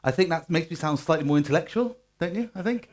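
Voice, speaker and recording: A man's voice: a little high, lively intonation, fast talker. A man in his forties with a Bristol West Country accent, giving a jokey, self-mocking conference talk on stage and drawing the audience into call-and-response. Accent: West Country English (Bristol). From Bristol, West Country of England. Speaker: conference speaker, agile coach.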